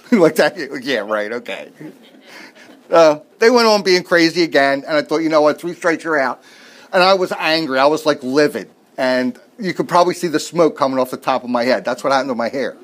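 A man's voice: on the high side, expressive, a little fast. Folksy joking male preacher. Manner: folksy storytelling with jokes and asides. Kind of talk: sermon.

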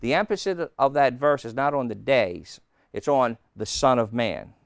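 Emphatic slow-teaching male preacher. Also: mid-range voice, gravelly, smooth, no echo, clean studio sound. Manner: slow, emphatic teaching with sudden loud stresses. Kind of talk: sermon teaching. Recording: old taped sermon.

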